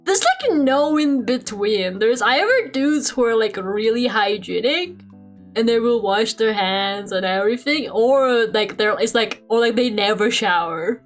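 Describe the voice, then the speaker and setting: A young woman with a Russian accent chatting on a live stream at home, animated, laughing often and swearing freely. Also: on the high side, a little slow, faint music behind. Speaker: VTuber streamer. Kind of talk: casual live-stream chat while drawing. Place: home room.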